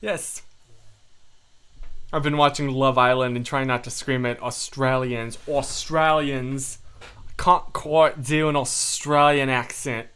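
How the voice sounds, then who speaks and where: Slow-talking young man chatting on a livestream. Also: mid-range voice, steady tone, a bit bright, clear, resonant tone. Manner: rambling, self-deprecating, chatty. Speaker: livestream host. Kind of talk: casual livestream chat with viewers.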